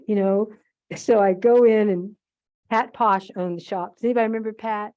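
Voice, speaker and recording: Rambling older woman with a mellow voice. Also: mid-range voice, steady tone, a little fast, highs cut off. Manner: rambling, fond, frequent asides and self-corrections. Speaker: guest speaker at a museum holiday event. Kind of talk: chatty anecdotal talk to an audience.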